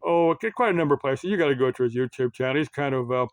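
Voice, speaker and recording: A man's voice: medium pitch, rapid-fire, clean tone. An American man in the middle of his range talks loosely to his viewers, drifting between points with plenty of "uh" and "you know." His voice sits in a dry, close space with no room echo. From United States. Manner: meandering, full of fillers and restarts. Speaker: YouTube commentator. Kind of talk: casual rambling commentary.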